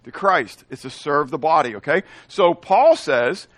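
Male pastor, sermon delivery, higher voice, dry close sound; quizzes the congregation and answers his own questions. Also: unhurried, dry recording. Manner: animated, asks the congregation questions and answers them; playful asides in made-up words.

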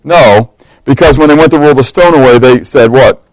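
A man's voice: mid-range voice, normal speed, no room sound, rough recording. A man preaching a sermon, telling stories with humor and acting out the voices of the people in them. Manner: animated storytelling, acting out quotes, humorous asides.

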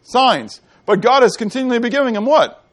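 A middle-aged man preaching a sermon, asking the congregation questions and answering them himself, moving between loud and quiet delivery. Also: very high voice, animated, brisk. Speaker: pastor. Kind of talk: sermon teaching.

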